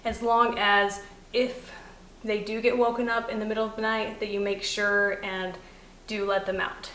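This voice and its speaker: A woman dog trainer explaining puppy commands in a calm teaching manner, softly praising the puppy between steps. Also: medium pitch, moderate pace. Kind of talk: instructional demonstration. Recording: echoey room, faint noise.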